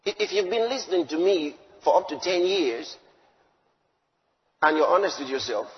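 High-voiced preacher in an echoing hall. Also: male voice, lively intonation, moderate pace, dull audio. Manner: emphatic, swinging from loud declarations to low asides. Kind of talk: sermon.

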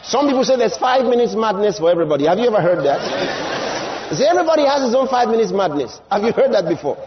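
A preacher man with a very high voice that swings widely in pitch, repeating lines for effect and building to shouts. The recording is slightly dull, with faint room noise behind him. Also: very animated, quick pace. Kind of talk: sermon.

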